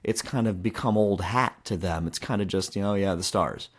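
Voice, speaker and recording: A man's voice: on the low side, a little fast. A man in his thirties hosting a podcast, telling a story in a casual, rambling way with lots of fillers and restarts. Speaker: podcast host. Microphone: handheld microphone.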